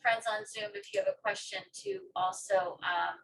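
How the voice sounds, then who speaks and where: A woman's voice: mid-range voice, big pitch swings, normal speed, vocal fry, a bit bright. A woman moderating a panel and introducing her course, talking conversationally with frequent ums. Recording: distant mic with faint noise.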